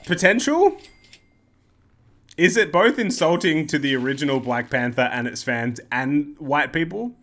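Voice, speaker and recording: A man's voice: on the high side, expressive, measured pace, fairly bright tone. A man hosting casual game commentary, rambling and joking and often interrupting himself. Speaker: gaming video host.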